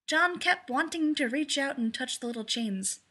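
A woman narrating a fan fiction story aloud in a lively, amused way. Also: high-pitched, normal speed.

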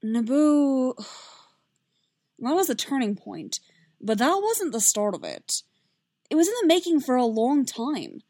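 A calm, gentle male Jedi master with a steady way of talking, voiced by a woman. His lines are reassuring rather than stern. The recording is close and dry. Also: sits high, takes it slowly, long pauses, no echo, voice pushed up, full character voice.

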